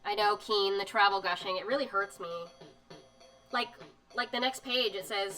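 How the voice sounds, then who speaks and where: A woman's voice: medium pitch, steady tone, moderate pace, low-quality recording. A woman chatting casually on a live stream, reading magazine bits aloud with lots of fillers and emotional asides. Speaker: streamer showing zines. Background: soft music.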